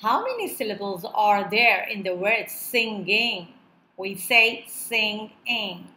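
Slow, bright-voiced woman teacher. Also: medium pitch, animated, reverberant. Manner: slow, clear, drawn-out word-by-word pronunciation. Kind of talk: children's lesson narration.

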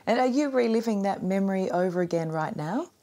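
A woman's voice: mid-range voice, animated, a little fast, dark tone. Australian woman interviewer asking questions. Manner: curious, prompting questions.

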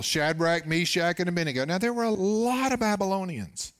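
A man pastor preaching a radio sermon in a folksy storytelling manner, moving between hushed asides and emphatic points. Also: high-pitched, brisk, no echo, clean studio sound. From Oklahoma.

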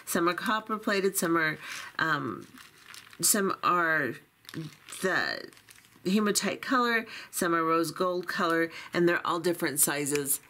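Lady going thru a bead box real slow, kinda low voice, lots of ums, pokes fun at herself. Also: animated, sharp tone, slight background noise. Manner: chatty, self-deprecating, lots of fillers. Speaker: beading channel host. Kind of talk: unboxing walkthrough, casual chat.

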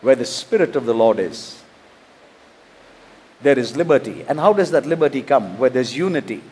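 A man's voice: medium pitch, animated, normal speed, darkish tone, slightly rough. A man, a pastor from India, preaching a sermon, reading scripture and asking rhetorical questions. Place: church.

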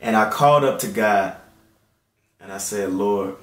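A man's voice: fairly low pitch, normal speed, reverberant. Earnest young man giving a testimony. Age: late 20s. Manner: earnest, swings from hushed and tearful to loud and excited. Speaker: Christian video host. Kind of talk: personal faith testimony. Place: indoor room at home.

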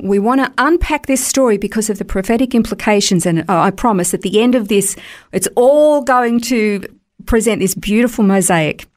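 Woman, radio Bible teacher, mid-pitched, emphatic and explanatory, steady flow.

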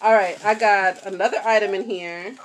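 A young woman, excitedly unboxing products at home and talking to her viewers. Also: mid-range voice, normal speed, very noisy. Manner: gushing and excitable, addresses viewers as y'all and you guys. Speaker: vlogger. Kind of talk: product haul vlog. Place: home, indoors.

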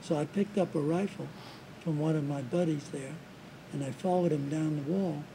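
A man in his seventies being interviewed as a war veteran, recounting his memories in a halting way, with restarts and repeated words. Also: a little high, noisy background. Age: 70s.

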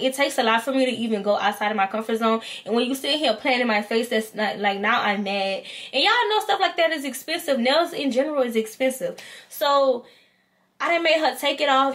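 Animated woman vlogger telling a storytime. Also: fairly high pitch. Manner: animated, acts out both sides of the story. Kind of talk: storytime vlog.

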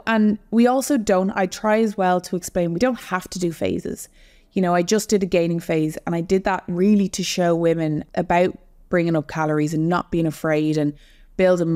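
With a mellow, lowish voice, a young online fitness coach talks earnestly as a podcast guest in a relaxed conversation, explaining her points directly to women in the audience.

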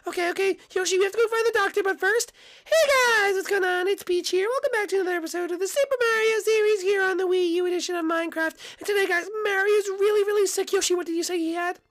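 A woman voicing a bossy young princess and hosting a Minecraft role-play video, fast-talking and bright. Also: very high voice. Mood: upbeat. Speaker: channel host.

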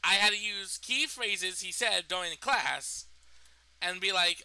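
A young man rambles through a personal story, swearing and restarting his sentences. His voice sits high and sounds very bright and sharp. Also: measured pace, clean tone, no room sound, poor audio. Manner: rambling, profane, full of fillers and restarts. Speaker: storytime vlogger. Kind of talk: casual storytime.

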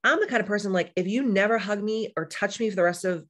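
A woman's voice: medium pitch, fast talker. A woman talking about astrology in a casual vlog, speaking in a frank, chatty way with lots of fillers, swearing and tangents. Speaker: astrology and life coach. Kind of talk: casual spiritual vlog talk.

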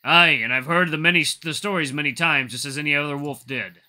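A blunt, weary wolf chief lays out his case in a firm, lecturing tone, as a man reads his lines. The voice is bright and fairly high for a man, with a piercing edge. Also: steady tone, fast. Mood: grim.

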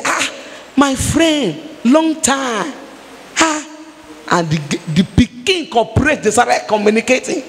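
Nigerian woman evangelist, emphatic fervent sermon, long hall reverb. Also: on the high side. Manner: emphatic preaching, rising to fervent prayer.

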